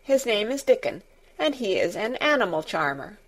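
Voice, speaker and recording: A woman's voice: mid-range voice, sing-song, moderate pace. A woman reading a storybook aloud and voicing a sickly, imperious young boy who gives orders in a lordly way. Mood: commanding. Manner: lordly, commanding.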